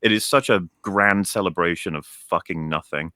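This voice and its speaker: A man's voice: deep voice, moderate pace, pushed and bright, no room sound, studio quality. A young man ranting in a casual show chat, heated and profane, often restarting his sentences. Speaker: co-host.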